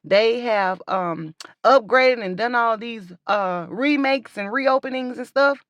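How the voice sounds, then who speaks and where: Woman, esthetician, voice-over commentary, chatty, emphatic, bright higher voice, dry close sound. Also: slow, dry recording, dull audio. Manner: chatty, emphatic, rambling asides. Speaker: waxing esthetician. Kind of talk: voice-over commentary on a waxing video.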